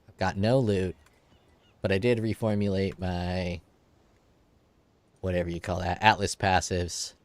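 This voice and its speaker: Nasal, low-voiced man in his forties. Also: no room sound. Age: 40s. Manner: youthful, edgy, swears casually. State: congested nose. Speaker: streamer. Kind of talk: casual game stream chat.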